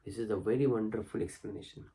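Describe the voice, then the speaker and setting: A man teaching as a spiritual teacher, reading a spiritual text aloud and explaining it in a slow, contemplative way with emphatic rises. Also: on the low side, fairly even intonation, dark tone, a little hiss or hum, rough recording.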